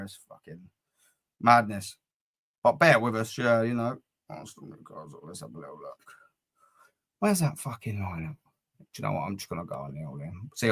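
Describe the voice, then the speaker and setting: A man's voice: medium pitch, a bit bright. A man hosting a football fan live stream, rambling and swearing freely as he chats to his viewers. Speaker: football fan channel host. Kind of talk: casual live-stream chat.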